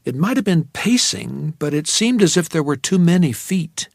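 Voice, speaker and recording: A man narrating an audiobook in a measured, storytelling way. His voice is somewhat high for a man, with a gravelly texture. The recording is close and completely dry. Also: lively intonation, no echo.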